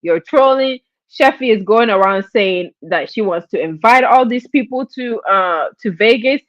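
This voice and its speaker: A woman's voice: medium pitch, normal speed, no echo. Chatty woman streamer, dull sound. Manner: chatty, animated, acts out quotes. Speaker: live stream host. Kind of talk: casual gossip commentary.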